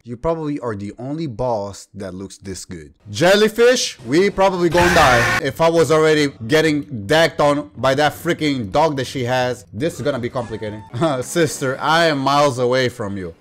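Excitable man ranting over a game. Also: medium pitch, normal speed, few pauses. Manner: excitable, swears and rants at the game. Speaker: gaming youtuber. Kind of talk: let's play commentary. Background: faint game music.

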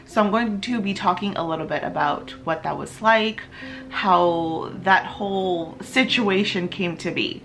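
A young woman author talking casually to her camera, warm and chatty, with bursts of gushing excitement and breathy gasps. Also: lowish voice. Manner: gushing and breathless, many gasps and nervous laughs. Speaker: author and book vlogger. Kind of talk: casual vlog talk to camera.

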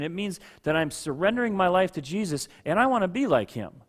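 Male pastor with a somewhat high voice giving a chatty sermon and drawing in listeners by name. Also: expressive, fairly quick. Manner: talks to listeners by name, asks for agreement. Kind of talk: conversational sermon.

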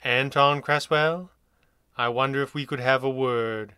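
A man voicing a calm, amused older schemer who speaks with quiet authority. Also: mid-range voice, unhurried, clean tone, no echo, studio quality. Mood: sly, commanding.

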